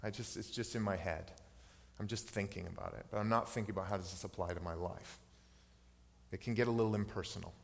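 A man's voice: lowish voice, steady tone, quick pace, creaky. A man in his thirties preaching a sermon as pastor, earnest, personal and reflective. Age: 30s. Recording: long hall reverb.

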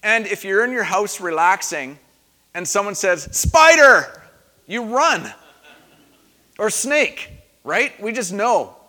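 A man preaching a sermon in a dramatic way, often dropping to a hush and then rising loud for emphasis. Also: sits high, lively intonation, a little slow. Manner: dramatic, varies loudness for emphasis. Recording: long hall reverb.

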